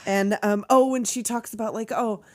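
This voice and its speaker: A woman's voice: a little high, fairly even intonation, normal speed, no room sound, studio quality. A woman co-hosting a podcast, chatting casually about a sitcom, swearing freely and laughing often. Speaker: podcast co-host. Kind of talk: casual chat.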